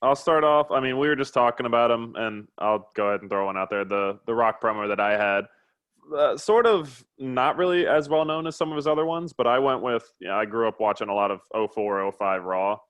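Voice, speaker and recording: A man at a middle pitch, co-hosting a casual chat. He retells a story with animated energy and acts out other people's lines, filling gaps with "like". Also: brisk, smooth. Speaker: podcast co-host.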